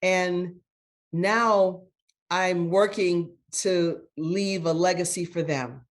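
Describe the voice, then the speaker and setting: A woman's voice: lowish voice, fairly even intonation, takes it slowly. A grandmother guest in an interview, telling a story in an earnest, motivational way with repeated words for emphasis. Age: older.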